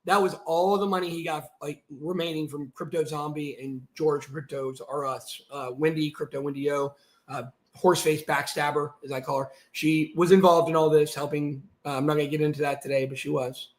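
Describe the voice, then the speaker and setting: A man hosting his channel, giving ranting commentary while reading through documents, swearing and swinging from muttering to shouting. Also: on the high side, fairly even intonation, fairly quick. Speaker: channel host.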